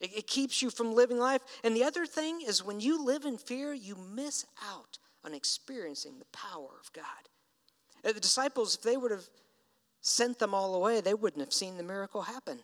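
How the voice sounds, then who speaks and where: A man's voice: very high voice, fairly quick. A man preaching a sermon in a conversational storytelling way, acting out the lines he quotes. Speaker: pastor. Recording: reverberant hall.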